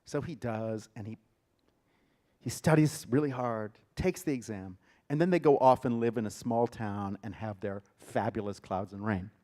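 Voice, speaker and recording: A man, a theater director, giving a lecture and retelling a story with dramatic emphasis and sudden loud bursts. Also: on the low side, normal speed. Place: lecture hall.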